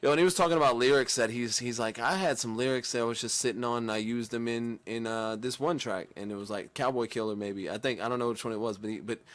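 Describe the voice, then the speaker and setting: A man chats through a reaction video in a relaxed, slangy way. He rambles, corrects himself mid-sentence and trails off between thoughts. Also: mid-range voice, fast talker, hardly any pauses. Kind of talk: casual reaction commentary.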